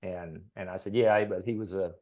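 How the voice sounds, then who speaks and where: A man's voice: deep voice, steady tone, normal speed, dull audio. A middle-aged man from Texas, a podcast guest, telling a long casual story with many fillers and small laughs. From Texas, USA. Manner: rambling, with fillers and soft laughs.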